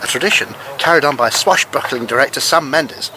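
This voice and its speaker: An actor playing a wry, dry cricket commentator. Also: male voice, mid-range voice, brisk, close to an everyday voice. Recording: street noise behind.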